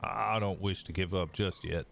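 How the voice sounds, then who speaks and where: A man putting on a low drawling Southern officer. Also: fairly even intonation, normal speed, gravelly, fairly bright tone, slight background noise. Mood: calm, dutiful. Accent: Southern American. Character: young religious Southern American man, polite police officer. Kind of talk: role-play police radio calls.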